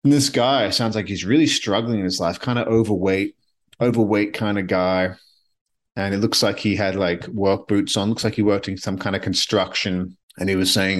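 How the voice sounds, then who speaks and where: A man's voice: lowish voice, steady tone, normal speed. A man from Canada hosting a solo podcast, talking candidly and rambling, swearing now and then. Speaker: podcast host. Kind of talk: solo reflective podcast monologue. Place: his apartment.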